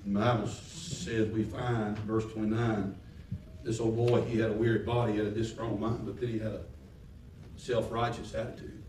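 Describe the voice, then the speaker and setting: A man preaching a sermon, swinging from quiet scripture reading to shouted, folksy preaching. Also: fairly low pitch, little pitch movement, moderate pace, slight background noise. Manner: folksy, colloquial phrasing. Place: church. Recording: echoey hall from far off.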